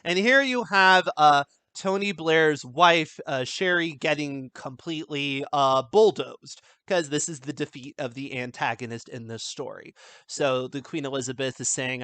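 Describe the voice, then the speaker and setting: A man teaching writing, talking through a film script in a loose, chatty way with lots of fillers. His voice sits a little higher than most men's. The sound is dry and close, with no room echo. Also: a little slow, pushed and bright, clear, resonant tone. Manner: conversational, many fillers and restarts; reads film quotes aloud. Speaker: writing instructor. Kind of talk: script analysis lesson.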